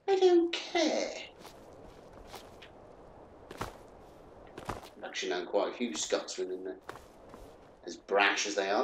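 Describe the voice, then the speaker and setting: Animated, slow-talking man, let's play host. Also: mid-range voice, echoey room, a little hiss or hum. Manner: animated, jokey, exclaims often. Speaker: gaming host.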